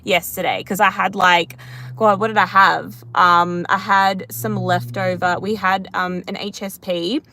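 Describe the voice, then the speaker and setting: A woman's voice: medium pitch, steady tone, measured pace, pushed and bright, a little hiss or hum. A woman in her thirties hosting a live Q&A, chatting casually, rambling and laughing at herself as she reads comments. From Australia. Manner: rambling, chatty, self-deprecating. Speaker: livestream host answering comments.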